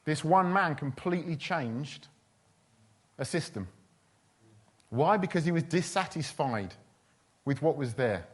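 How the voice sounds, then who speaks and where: A man's voice: a little high, expressive, a little slow, long pauses. A man preaching a sermon in a chatty, humorous storytelling way. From England. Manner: chatty, humorous, with quoted voices.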